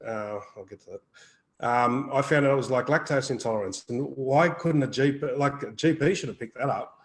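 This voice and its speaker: A man's voice: medium pitch, moderate pace, rough recording. A man co-hosting a live wellbeing Q&A, talking earnestly in a rambling way, repeating words and swearing casually. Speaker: wellbeing co-host. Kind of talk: live Q&A chat.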